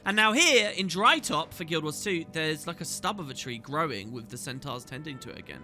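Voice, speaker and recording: Bright-voiced man narrating gameplay. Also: on the high side, lively intonation, brisk. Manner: chatty, enthusiastic, reads dialogue aloud. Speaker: gaming video host. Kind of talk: casual gameplay commentary. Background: faint game music.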